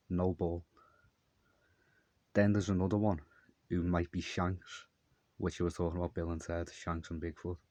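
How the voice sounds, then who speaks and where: A man's voice: deep voice, darkish tone, dry recording. A man telling a long, meandering story in a repetitive monologue. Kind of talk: rambling monologue.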